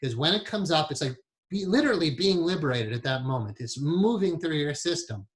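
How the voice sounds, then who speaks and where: A man's voice: fairly high pitch, animated, fairly quick. A man teaching a hypnotherapy class in a conversational way, with frequent laughs and many asides.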